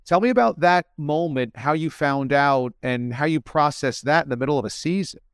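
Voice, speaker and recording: A man's voice: a little high, normal speed, smooth, no room sound, studio quality. A man interviewing a guest with long, earnest, wordy questions.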